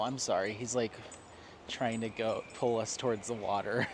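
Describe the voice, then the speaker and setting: A man's voice: fairly low pitch, steady tone, moderate pace. A man from Colorado chatting casually while walking his dog, rambling and laughing often. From Colorado, USA. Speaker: craft vlogger. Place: outdoors on an evening walk near water. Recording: clear outdoor street noise. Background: traffic and town ambience.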